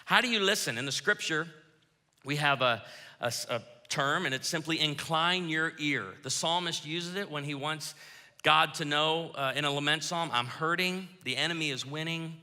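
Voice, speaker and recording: A man preaching a sermon as pastor, lively, acting out quoted lines as he goes. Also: on the high side, normal speed. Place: church auditorium. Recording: reverberant church hall.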